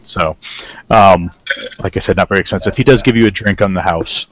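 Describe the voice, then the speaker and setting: A man running a tabletop game as game master, narrating in a relaxed, rambling way. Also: low-pitched, brisk, low-quality recording.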